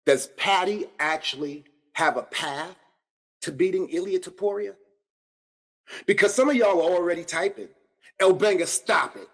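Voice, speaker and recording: A man with a high-pitched voice, speaking at normal speed, hosts a solo combat-sports podcast. He breaks down a fight in an animated way, talking straight to his viewers in casual slang.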